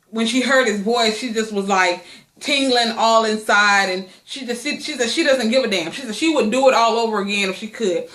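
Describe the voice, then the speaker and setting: A woman's voice: on the high side, fairly bright tone. Profane, rambling woman vlogger, echoey room. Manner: profane, blunt gossip commentary; long-winded, rambling. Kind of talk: casual chat.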